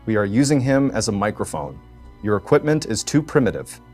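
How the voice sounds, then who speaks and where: Formal and declaring, this is a man putting on an alien that speaks through a young pilot. It sounds low-pitched and plain, with faint music underneath. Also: big pitch swings, a little fast, darkish tone. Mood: solemn.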